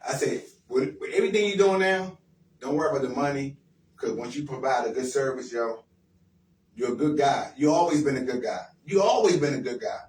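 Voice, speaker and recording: A man talking bluntly and warmly encouraging, repeating his points in a streetwise way. He sits off the microphone in a roomy space, with faint noise in the background. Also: medium pitch, lively intonation, brisk. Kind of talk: casual radio talk. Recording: roomy sound from far off the mic with faint noise.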